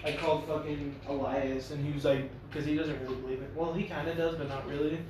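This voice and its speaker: A man's voice: a little high, little pitch movement, quick pace, distant mic, noisy background. A young man chatting casually, slangy and hesitant with lots of fillers. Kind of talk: casual chat. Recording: echoey room from off-mic.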